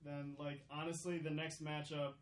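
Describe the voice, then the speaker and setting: A young man chatting casually as a podcast guest, easygoing and quick to react. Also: a little high, flat delivery. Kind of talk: casual chat. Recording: roomy, faint background hiss.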